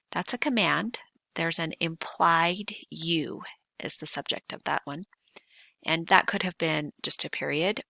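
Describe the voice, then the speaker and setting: Gravelly bright-voiced woman teaching. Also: sits low, no room sound. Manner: clear, patient explaining with slow emphasis. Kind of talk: video grammar lesson.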